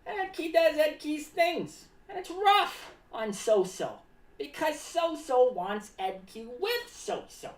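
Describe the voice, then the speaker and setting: A woman playing an excitable, rambling clown character who talks about herself in the third person and hops between topics. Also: high voice, slow, distant mic, exaggerated voice. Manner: rambling, jumps between topics, sudden shouts and drops. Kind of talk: improvised comic monologue. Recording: roomy echo, away from mic.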